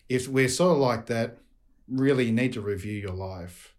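A man's voice: medium pitch, steady tone, measured pace. Australian priest guy, earnest, keeps calling everyone friends, leads a prayer. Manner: earnest, addresses listeners as friends. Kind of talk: podcast guest chat and closing prayer.

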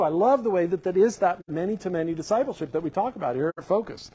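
A male pastor giving a sermon, reading scripture aloud and explaining it with animated enthusiasm. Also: sits high, fast, hardly any pauses, breathy edge, rough recording.

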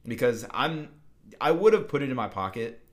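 A man's voice: medium pitch, very animated, moderate pace. A young man co-hosting a podcast, casually telling a long story with many fillers and restarts. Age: young adult. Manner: rambling, full of fillers and restarts. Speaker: podcast co-host.

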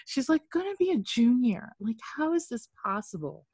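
A woman's voice: a little high, sing-song, normal speed, darkish tone, slightly rough, dry recording, studio quality. A woman in her thirties hosting a casual chat, telling stories with laughs and swearing.

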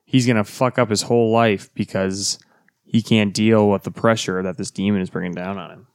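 Man, low voice, relaxed enthusiastic podcast chat, dry close mic. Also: moderate pace, smooth, dry recording. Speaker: podcast co-host. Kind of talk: casual comic book chat.

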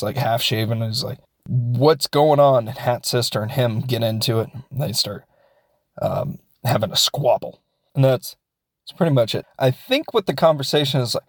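Guy rambling through a movie recap, jokey, dry close sound, mid pitch. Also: no room sound. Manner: rambling, jokey, acts out characters. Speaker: film reviewer. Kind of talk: casual film recap.

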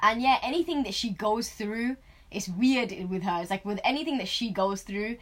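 A woman chatting casually, telling stories animatedly with lots of laughter and loud bursts. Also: mid-range voice, normal speed. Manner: animated storytelling, laughs a lot, gets loud when excited. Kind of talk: casual chat.

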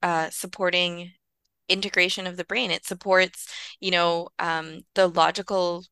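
A woman's voice: fairly low pitch, flat delivery, measured pace, sharp tone, clean tone, no room sound. A woman guest on a podcast interview, explaining early childhood care in an earnest, conversational way with lots of "like" and "you know".

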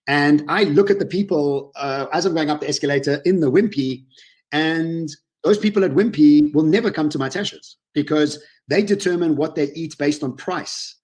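Male guest, lively emotional storyteller, slightly high-pitched, webinar chat. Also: normal speed. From South Africa. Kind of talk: casual webinar interview.

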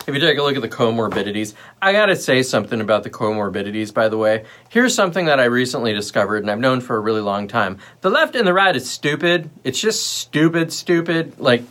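A man's voice: mid-range voice, fairly bright tone. A man hosting a solo livestream, talking in a blunt, rambling and sarcastic way. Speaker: livestream host. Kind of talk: casual solo livestream talk.

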